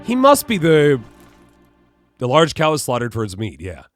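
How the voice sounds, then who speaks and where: A man's voice: fairly high pitch, wildly swooping pitch, normal speed, soft background music. A man streaming a video game, puzzling things out aloud and musing to himself as he plays. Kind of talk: live gameplay commentary.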